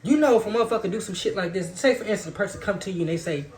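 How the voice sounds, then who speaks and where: A man's voice: high voice, animated, rapid-fire. A man giving a loose, profane, preachy spiritual monologue in casual talk. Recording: roomy echo.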